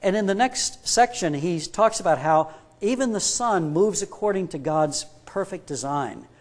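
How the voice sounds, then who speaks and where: A man preaching with a voice on the higher side. He asks his listeners rhetorical questions to stress his points. When he retells a story, he acts out both people in it. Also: expressive, normal speed. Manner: emphatic, builds up with rhetorical questions. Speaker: pastor. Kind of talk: sermon.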